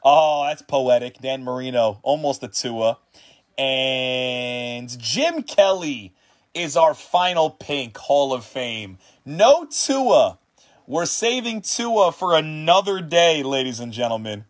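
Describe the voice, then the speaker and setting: Late in a long livestream, a tired and hungry man hosts a trading card break, casually calling out player names and getting excitable, even shouting, when big pulls land. His voice sits in the mid range and he speaks slowly.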